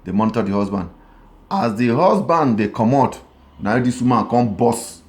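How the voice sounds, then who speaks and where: A man telling a comic story in a Nigerian Pidgin accent, animated, with repeated phrases and sly asides to the listener. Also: mid-range voice, normal speed.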